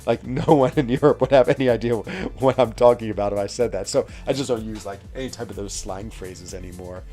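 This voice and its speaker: A West Virginia man hosts a game livestream, his voice fairly low, brisk and dark, with faint music behind him. He rambles through stories in a chatty way, full of fillers and laughter, reading out chat as he goes.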